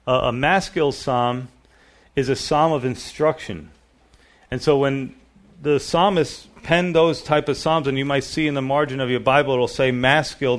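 A pastor giving a relaxed evening Bible sermon, retelling the story casually with lots of "you know.". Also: male voice, medium pitch.

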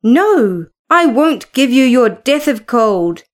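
A woman's voice: fairly high pitch, big pitch swings, takes it slowly. A woman voicing a dutiful household servant who speaks in a soothing, firm and earnest way.

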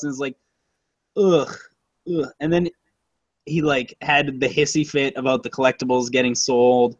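A man's voice: medium pitch, fairly even intonation, normal speed, pauses often, no echo, muffled recording. A man co-hosting a casual movie-review chat, rambling and profane, with lots of fillers and self-corrections. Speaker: podcast co-host reviewing a movie.

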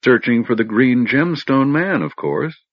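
A man's voice: mid-range voice, very animated, a little slow, dry recording, pitched above the performer's own voice. Een zelfverzekerde vrouwelijke legeraanvoerder, door een man gespeeld, plagerig en dreigend, levendig en hoger, doffe droge opname. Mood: eager. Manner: playful, pleasantly menacing. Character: confident, teasing female warrior commander. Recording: dull lo-fi recording.

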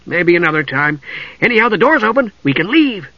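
Male reader as kender hero: high, eager, breezy, a bit loud; dull lo-fi storybook audio. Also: sing-song, brisk, no room sound, exaggerated voice. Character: cheerful, curious, reckless male kender adventurer.

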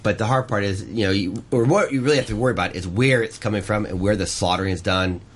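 Fast-talking male chef guest. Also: on the low side, slight background noise. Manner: rapid, rambling, restarts often. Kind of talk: casual radio interview. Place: radio studio.

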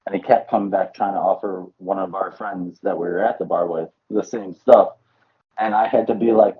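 This is a man with a husky, somewhat low voice, swapping stories in a relaxed podcast chat. He tells them with animation, slips in a swear word here and there, and laughs along with his friends. The recording sounds dull and lo-fi. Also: fairly quick. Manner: animated storyteller, laughs often, swears casually. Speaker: podcast co-host. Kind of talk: casual chat.

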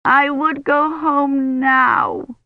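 A woman voicing a small, tearful, stubborn young girl who whines and pleads in drawn-out words. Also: sits high, dry recording, dull audio, voice pushed up. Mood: whiny. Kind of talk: audiobook character voice.

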